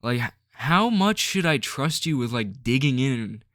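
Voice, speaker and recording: A man's voice: medium pitch, big pitch swings, moderate pace, a bit bright, dry recording. Rambling, frustrated man ranting, dry sound. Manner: rambling and frustrated, full of "like" and restarts. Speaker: vlogger. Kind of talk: ranting to camera.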